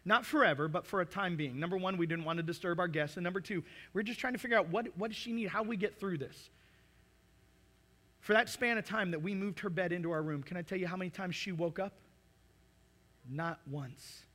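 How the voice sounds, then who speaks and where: Animated, bright-voiced male preacher. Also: high-pitched, fairly quick. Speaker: pastor. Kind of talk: sermon.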